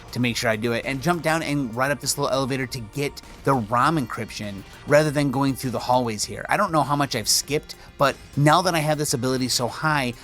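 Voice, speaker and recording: Male gaming host, mid-pitched, casual wisecracking voice-over with faint music behind. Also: fairly bright tone. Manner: laid-back and joking, with casual slang. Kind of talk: casual gameplay commentary voice-over.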